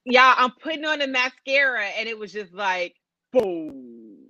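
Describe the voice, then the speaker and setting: A woman co-hosting a podcast, telling a profane, animated story in casual chat. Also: a little high, measured pace, dry recording, lo-fi sound. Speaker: podcast co-host.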